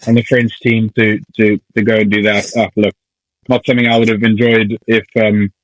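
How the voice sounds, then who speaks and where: A man co-hosting a podcast, in casual chat, ranting in an animated, jokey way and swearing now and then. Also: lowish voice, fairly quick, no echo, low-quality recording. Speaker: podcast co-host.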